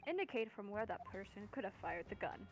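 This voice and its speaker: A woman's voice: mid-range voice, expressive, fast, gravelly, low-quality recording. A woman streamer reading game dialogue in a composed, formal tone and chatting casually between lines. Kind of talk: casual let's-play chat and dialogue reading.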